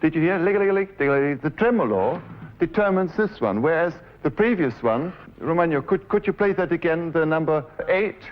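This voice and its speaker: Faint piano sounds behind a German-accented man in his forties whose voice sits on the high side, with lively intonation and a moderate pace. He is a composer lecturing on his piece, explaining it stage by stage, directing the performers, and occasionally humming phrases. The 1970s lecture recording has a dull quality.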